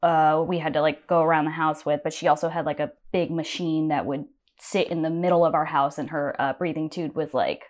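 A woman's voice: low voice, steady tone, a little fast. A young woman telling a personal story as a podcast guest, chatty and full of fillers. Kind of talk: casual storytelling.

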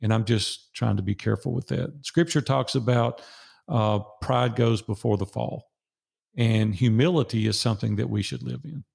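A man's voice: mid-range voice, normal speed, creaky, darkish tone, husky. An older man with a Southern US accent, a podcast guest telling personal stories in an earnest way and repeating phrases for emphasis. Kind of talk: casual storytelling interview.

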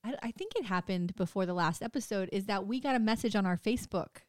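A woman's voice: mid-range voice, quick pace, a little mellow, dry recording, clean studio sound. A woman co-hosting a podcast, reacting to a story with exclamations and the odd swear. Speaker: podcast co-host. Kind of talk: casual chat reactions.

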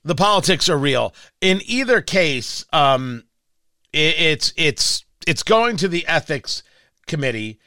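A man's voice: fairly high pitch, big pitch swings, takes it slowly, bright, forceful tone, no room sound. A man hosting a talk radio show, giving chatty, opinionated commentary with frequent restarts and asides. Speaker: radio host.

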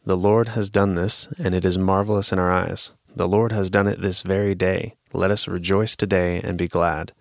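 A man who co-hosts a podcast, reading a passage aloud at a steady, measured pace. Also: low-pitched, vocal fry, no echo, clean studio sound. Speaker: podcast co-host.

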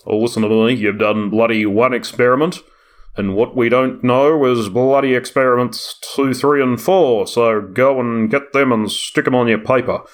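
A man's voice: medium pitch, fairly even intonation, moderate pace, natural voice. A man voicing an old, judgmental male reviewer with an Australian accent, scolding crudely.

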